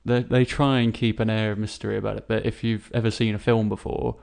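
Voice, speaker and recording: Gravelly young man ranting about a film. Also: on the low side, fast. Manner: blunt, swears freely, animated when ranting. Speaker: podcast co-host. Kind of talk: casual film review chat.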